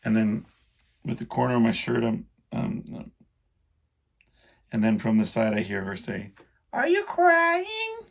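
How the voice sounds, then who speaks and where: A middle-aged man hosting a podcast, rambling through a casual solo monologue in a self-deprecating way, full of halting restarts. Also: lowish voice, flat delivery, creaky, darkish tone. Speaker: podcast host.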